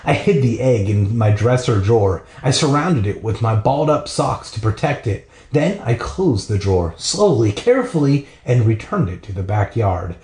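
A man's voice: mid-range voice, expressive, moderate pace, hardly any pauses, darkish tone, echoey room. A man hosting a podcast, reading a children's book aloud with irreverent, profane comic asides, recorded in a bathroom.

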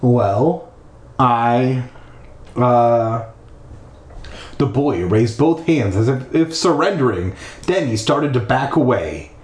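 A man's voice: medium pitch, very animated, normal speed, a little mellow. A man reading a spooky children's book aloud in a bathtub, throwing in crude, irreverent asides. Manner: irreverent, swearing ad-libs. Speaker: reader. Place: bathroom, in a bathtub. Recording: echoey bathroom.

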